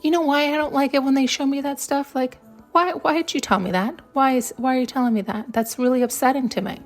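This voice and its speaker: A woman's voice: high voice, fairly even intonation, fast talker, faint music behind. Shaken woman podcast host near tears. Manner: emotional, rambling, swears casually. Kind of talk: intuitive reflection.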